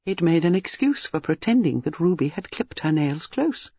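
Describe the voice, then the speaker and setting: A man reading an audiobook, voicing a shrewd, gentle elderly spinster sleuth in a soft, measured way. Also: on the high side, very animated, slightly rough, no echo, muffled recording, exaggerated voice. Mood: quietly explaining. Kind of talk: audiobook character voice.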